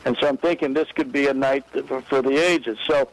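A medium-pitched baseball executive, talking a little fast, relates an anecdote in an interview. He tells it with gusto, voicing each person he quotes, and the recording sounds rough.

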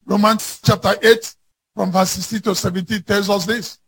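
Gravelly high-voiced preacher man. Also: steady tone, normal speed. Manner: rises to shouting emphasis on scripture. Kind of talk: sermon.

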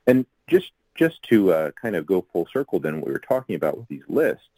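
A man's voice: deep voice, very animated, brisk, dark tone, no echo, low-quality recording. A man explaining church canon history in a casual talk, rambling with many fillers and asides.

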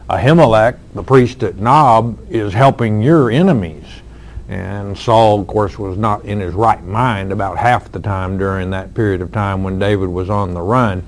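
A man's voice: on the low side, darkish tone. A man preaching a sermon, explaining scripture in an earnest way with frequent fillers. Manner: earnest, slow, with fillers and emphatic lines. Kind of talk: expository sermon.

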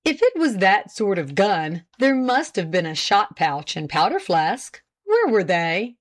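A woman voicing a formal male prosecutor who questions a witness deliberately and pointedly. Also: medium pitch, big pitch swings. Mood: probing.

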